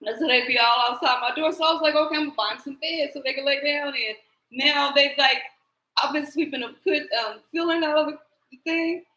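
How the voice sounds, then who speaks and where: A woman hosting a live tarot stream, telling rambling stories in a casual, animated way, laughing often and swearing freely. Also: high-pitched, brisk, echoey room, low-quality recording.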